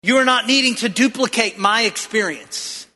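Bright high-voiced male pastor preaching. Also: moderate pace, long reverb tail. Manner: preaching with call-and-response questions to the congregation. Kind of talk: sermon. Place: church.

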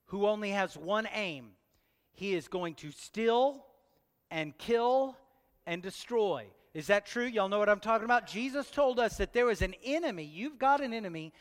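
In a church hall with long reverb, a pastor preaches a sermon and jokes with his congregation, peppering them with question after question. His voice is high, fairly bright, clear and resonant, and his manner is playful as he addresses the people directly.

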